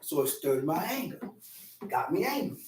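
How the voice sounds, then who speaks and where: A man teaching scripture in a lively way, acting out quarrels with shouts and repeating phrases for emphasis. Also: on the high side, normal speed, roomy sound, distant mic. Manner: animated, acts out quarrels with shouting. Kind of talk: street-corner Bible teaching.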